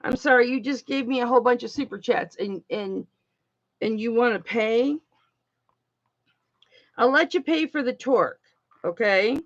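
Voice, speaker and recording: A woman's voice: on the high side, moderate pace, pauses often, lo-fi sound. A woman hosting a jewelry auction livestream, chatting casually and affectionately with viewers and calling them honey and baby.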